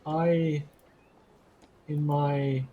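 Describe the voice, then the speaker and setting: A man's voice: fairly high pitch, little pitch movement, very slow, dark tone, highs cut off, a little hiss or hum. A man playing a tabletop game, speaking in character in a hesitant, sheepish, stumbling way. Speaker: player. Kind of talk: in-character role-play.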